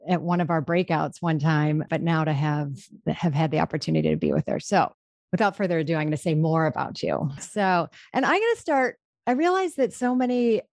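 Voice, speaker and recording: A woman's voice: lowish voice, a little mellow, no room sound, studio quality. A woman hosting a podcast, introducing her guest in an effusive, rambling way with many restarts. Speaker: podcast host.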